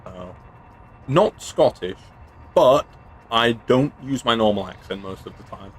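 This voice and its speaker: A man's voice: mid-range voice, animated, measured pace, faint music behind. A man from England casually chatting through a game stream, playful and chatty, throwing in silly sound effects. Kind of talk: casual gameplay commentary.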